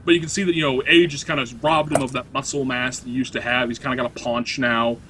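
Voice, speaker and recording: A man's voice: medium pitch, flat delivery, quick pace, a bit bright, slight background noise. A man narrating a tabletop game as game master, describing scenes in a rambling, hesitant way with many fillers.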